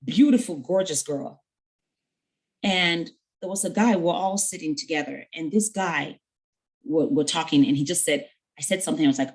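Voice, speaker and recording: A woman's voice: fairly low pitch, expressive, a little fast, rough recording. A woman giving an earnest mentoring talk to young women, conversational and full of stories with quoted dialogue. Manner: conversational with fillers.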